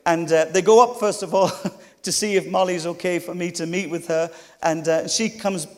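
A man's voice: high-pitched, steady tone, normal speed, darkish tone. A middle-aged man preaching a storytelling sermon, with chatty, humorous asides to the congregation. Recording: long hall reverb.

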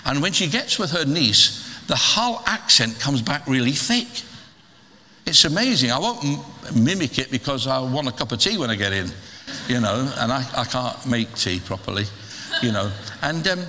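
A middle-aged man preaching a sermon in a lively, humorous way, with stammered restarts. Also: mid-range voice, moderate pace, a little hiss or hum. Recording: long hall reverb.

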